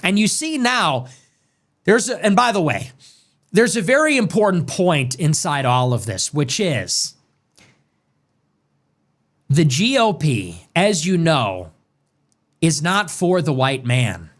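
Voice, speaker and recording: A man's voice: fairly high pitch, big pitch swings, slow, long pauses, a bit bright. A man giving ranting political commentary in a sarcastic, mocking, emphatic way. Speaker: political streamer.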